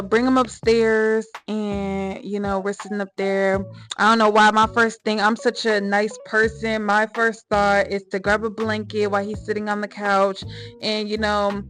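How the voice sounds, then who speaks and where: A woman's voice: medium pitch, fairly bright tone. A woman telling a personal story to her viewers in a casual, slangy, emphatic way, often calling them y'all.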